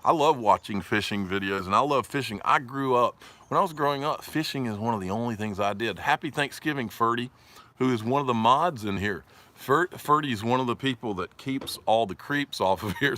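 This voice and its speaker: A man with a Southern US accent hosts a casual livestream, rambling, joking, laughing often and reading viewer comments out loud. His voice is mid-range with a sharp tone.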